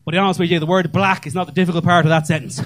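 A man's voice: on the high side, level tone, rapid-fire, a little hiss or hum. A middle-aged man from Ireland doing a conversational stand-up comedy set, swearing freely and poking fun at himself. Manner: conversational, profane, self-deprecating storytelling. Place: comedy club stage.

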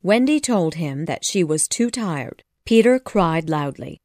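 A woman reading a storybook aloud as an audiobook narrator, in expressive, measured scripted narration. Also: fairly low pitch, no echo, clean studio sound.

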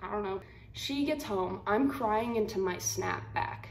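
A woman's voice: medium pitch, a little slow, creaky. Blunt, slangy twenty-year-old woman in a roomy room. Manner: blunt, slangy, animated retelling. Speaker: vlogger. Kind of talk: casual storytelling to camera. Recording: roomy echo, faint room hum.

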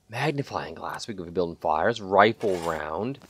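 A man playing a survival video game and talking through it in casual commentary, chatty and profane, with sudden excited yelps. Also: on the low side, slow pace, gravelly, few pauses. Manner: chatty, swears a lot, bursts into excited yelps. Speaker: gaming channel host. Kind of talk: let's play commentary.

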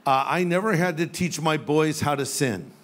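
Older male pastor preaching, light and funny, voice a touch high. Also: moderate pace, a bit bright. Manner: humorous storytelling with playful quoted voices. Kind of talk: sermon. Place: church sanctuary with live audience.

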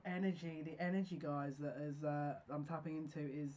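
A woman's voice: low-pitched, fairly even intonation, fairly quick, hardly any pauses, a little mellow, lo-fi sound. A woman giving a pick-a-card tarot reading, effusive and emotional, talking in bursts with restarts.

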